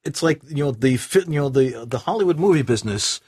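A man's voice: mid-range voice, lively intonation, brisk, darkish tone, breathy edge, no echo. A man interviewing a guest in casual chat, agreeable and encouraging.

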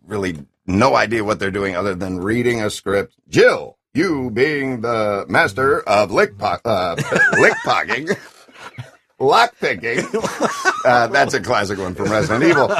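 A middle-aged man with a deep classic announcer voice, a video game voice actor chatting enthusiastically and rambling in an interview. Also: fairly bright tone. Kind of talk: casual interview chat.

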